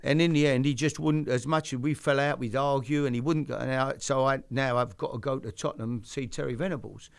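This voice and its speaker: A man's voice: medium pitch, fairly even intonation, a little fast, creaky, few pauses, clear, resonant tone. An older man hosting a chat show, telling stories in a rambling way with many restarts. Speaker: host. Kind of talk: casual storytelling chat.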